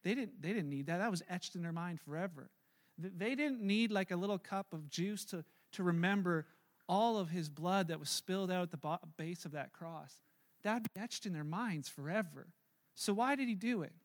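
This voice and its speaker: Casual: high-voiced pastor guy preaching, storytelling, gets slow and quiet at the heavy bits. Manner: animated, then slow and hushed. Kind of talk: sermon storytelling.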